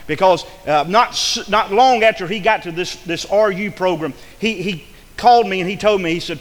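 A man's voice: high-pitched, animated, brisk, fairly bright tone, in a large hall. A male pastor, preaching a fervent sermon full of repeated phrases and restarts.

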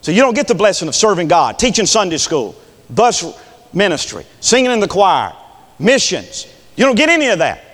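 Male pastor, fiery pulpit delivery, higher voice, long hall reverb. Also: big pitch swings, moderate pace. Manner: preaching with sudden shouted peaks and drops. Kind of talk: fiery sermon. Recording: long echo in a church hall.

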